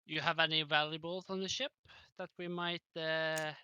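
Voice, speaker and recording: A tabletop player speaking haltingly, stumbling over words. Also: medium pitch, little pitch movement, bright, forceful tone, clean tone, dry recording, highs cut off.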